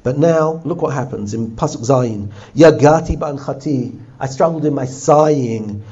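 A man teaching a text study class, animated and often putting questions to his listeners. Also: medium pitch, moderate pace, highs cut off. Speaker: Torah teacher.

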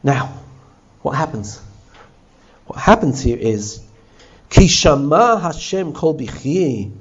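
Animated man teaching a text class. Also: a little high, takes it slowly, long pauses, muffled recording. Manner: animated, often asks the class questions. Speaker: Torah teacher.

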